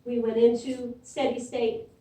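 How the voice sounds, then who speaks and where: Speaking at a measured pace with a level, warm tone and a fairly high pitch, this middle-aged imaging instructor lectures her class conversationally and keeps asking "okay?". She's picked up from far off in a room full of echo.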